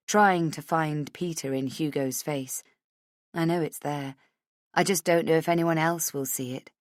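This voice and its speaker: A woman reading a first-person thriller audiobook in a measured, tense way, close to the mic. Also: deep voice, no echo. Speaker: audiobook narrator.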